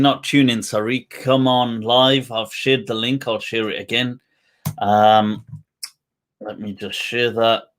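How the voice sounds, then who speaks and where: A man hosting a casual live-stream chat, relaxed and drawn out, with laughs between phrases. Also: lowish voice. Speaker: host.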